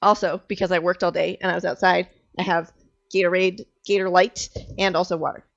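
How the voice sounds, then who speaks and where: A woman from Colorado chats cheerfully as a podcast guest. Her voice has a gravelly fry to it. The audio comes through dull and lo-fi. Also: lowish voice, flat delivery, fairly quick. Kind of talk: casual chat.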